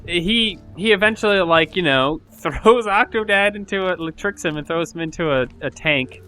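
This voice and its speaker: A man's voice: high-pitched, normal speed, pushed and bright, soft background music. A man co-hosting a podcast, recapping a game's plot in a rambling, casual way with lots of filler words. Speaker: podcast co-host. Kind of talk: casual chat.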